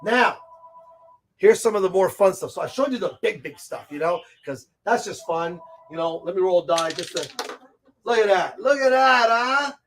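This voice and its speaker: A man hosting a casual gaming-store segment, chatty and excitable as he shows off products, with frequent asides, recorded inside a comic and game shop. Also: sits high, moderate pace, slight background noise. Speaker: host of a tabletop gaming segment.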